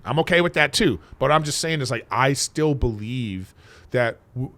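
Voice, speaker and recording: A man's voice: medium pitch, animated, moderate pace, a bit bright. A man appearing as a comedian guest on a podcast, talking in casual chat, emphatic and swearing freely.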